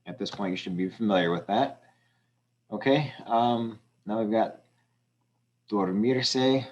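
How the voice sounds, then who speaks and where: A man's voice: fairly low pitch, unhurried, a little mellow, highs cut off. A male teacher patiently walking students through a language exercise step by step, with frequent ums. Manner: patient, explaining step by step with fillers. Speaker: Spanish teacher. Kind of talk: screen-recorded lesson walkthrough.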